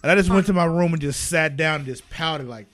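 A young man co-hosting a podcast in casual chat, animated, laughing often and swearing freely. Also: a little high, fairly quick, no echo. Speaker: podcast co-host.

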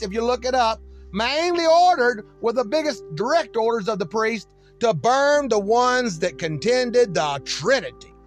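A man with a high voice delivers a rambling sermon, confronting and challenging his listeners. Faint music plays softly behind his voice. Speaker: self-styled preacher. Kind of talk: ranting sermon monologue.

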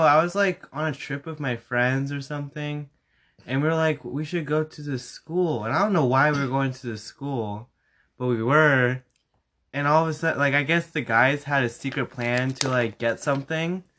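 A young man guesting on a casual podcast, telling a story in a relaxed, hesitant way with many "like"s. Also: on the high side, moderate pace. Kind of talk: casual chat.

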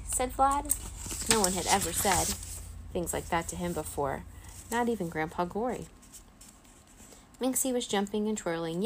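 A woman reading a children's chapter book aloud in a gentle, steady storytelling voice. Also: fairly low pitch, moderate pace, a little hiss or hum, low-quality recording.

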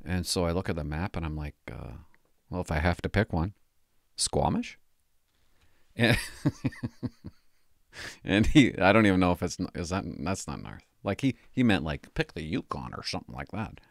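A man's voice: deep voice, lively intonation, normal speed, creaky, long pauses, no echo, studio quality. Rambling man telling a story. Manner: rambling, self-interrupting, laughs at his own story. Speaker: former police cadet telling stories. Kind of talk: casual storytelling monologue.

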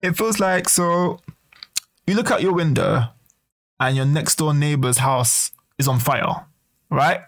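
A man with a gravelly, creaky voice sits a little higher than most men. He talks in a loose, casual rant, swears freely, and acts out what other people might say. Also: takes it slowly. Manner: ranting, swearing, animated, acts out quoted voices. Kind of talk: casual monologue to camera.

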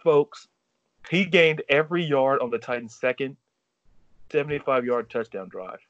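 A man hosting a sports talk show, emphatic and quick with statistics. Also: mid-range voice, a bit bright, no echo, lo-fi sound. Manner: emphatic, rapid-fire stats.

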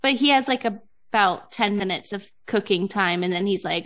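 Chatting casually on her podcast, a thirtysomething woman speaks at a moderate pace in a mid-range, slightly bright voice. She laughs a lot and keeps dropping "like" into her sentences.

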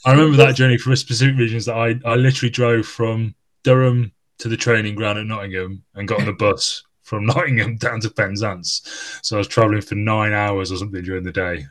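A man's voice: fairly low pitch, fairly even intonation, fast. Laughing man reminiscing on a podcast. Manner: rambling reminiscing, laughs often, swears. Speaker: podcast host, former teammate. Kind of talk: casual podcast chat.

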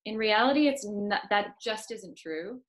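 A woman's voice: medium pitch, animated, a little slow. A woman working as an accent coach, explaining her views firmly in a podcast conversation. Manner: firm, opinionated explanations.

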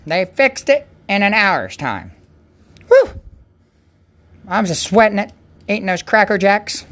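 A woman's voice: mid-range voice, big pitch swings, normal speed, fairly bright tone. A woman hosting a Christian livestream, in a rambling, chatty way that keeps interrupting itself. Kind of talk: casual devotional chat.

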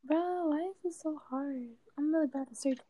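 A woman's voice: sits high, normal speed, very noisy. A young woman chatting casually on a podcast, giggly and mock-offended at her friend's teasing. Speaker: podcast guest. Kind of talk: casual chat.

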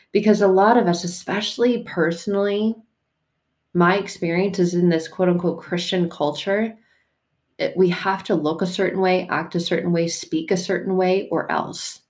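Frank, low-voiced woman podcaster. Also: steady tone, normal speed, darkish tone. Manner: frank, swears casually, heartfelt and conversational. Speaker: podcast host. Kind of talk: candid faith podcast talk.

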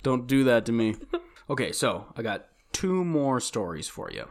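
Man, podcast co-host, lively swinging pitch, animated, lots of swearing, casual storytelling. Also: moderate pace.

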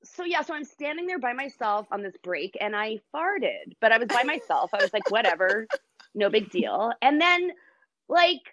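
A middle-aged woman from Canada, a stand-up comedian, telling stories in casual chat with a lively, self-deprecating manner. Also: sits high, normal speed.

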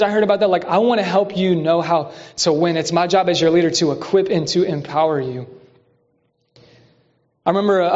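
A man preaching a sermon as pastor, energetic and calling out to the congregation. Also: high voice. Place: large church hall. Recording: dull lo-fi recording with long hall reverb.

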